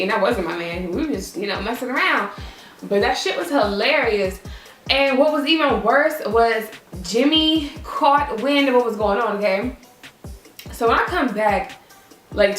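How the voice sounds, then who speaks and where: A young woman in her twenties telling a casual storytime, animated and swearing, jumping higher when she acts out what people said. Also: roomy sound. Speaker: vlogger.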